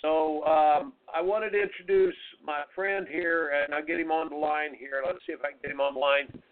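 A slightly high-pitched man speaks at a normal pace with fairly even intonation, hosting a radio talk show and telling stories in an emphatic, folksy, motivational style. He is a radio host who also coaches tennis. The audio has a narrow, phone-like radio quality.

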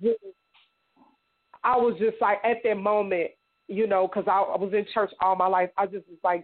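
A middle-aged woman from Indiana giving personal testimony in a radio interview, halting and repeating words as she acts out what others said. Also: mid-range voice, fairly even intonation. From Indiana, United States. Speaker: guest survivor telling her story. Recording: tinny phone-like radio sound.

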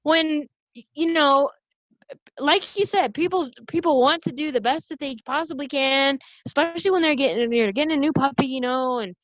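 A woman pet nutritionist talking casually on a podcast, passionate and animated, often restarting her sentences. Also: high voice, normal speed, no echo, lo-fi sound.

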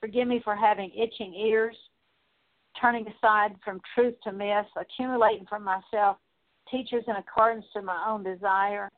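A woman leading a spoken prayer of repentance, earnest and steady, working through a long list with frequent small fillers. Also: mid-range voice, normal speed. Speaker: prayer minister. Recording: tinny phone-like line.

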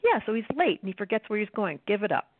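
A woman's voice: mid-range voice, big pitch swings, fast, dry recording. A woman guest, an astrologer and author, explaining things in a confident, teasing way in casual conversation. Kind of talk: casual interview talk. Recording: tinny phone line.

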